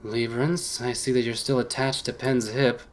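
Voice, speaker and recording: A man's voice: medium pitch, flat delivery, moderate pace, natural voice. A man voicing a stern, curt male mentor in a visual novel game, speaking bluntly.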